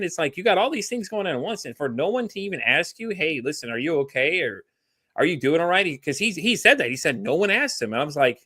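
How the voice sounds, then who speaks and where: A man's voice: on the high side, sing-song, sharp tone, husky, no echo, clean studio sound. A man from Texas in a casual podcast chat, telling rambling stories and acting out quoted dialogue. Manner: fast, rambling storyteller who acts out quoted dialogue. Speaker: podcast guest.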